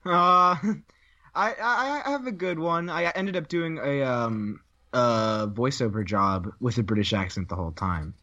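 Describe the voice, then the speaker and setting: A man's voice: mid-range voice, animated, unhurried, sharp tone. A young man, a voice actor guest, laughing and easygoing in a casual interview. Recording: dull lo-fi sound.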